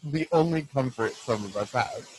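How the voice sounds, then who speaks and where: A man's voice: mid-range voice, moderate pace, a little hiss or hum. A man hosting a podcast in casual chat, teasing and laughing often, heard through a poor-quality mic on a video call. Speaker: podcast host.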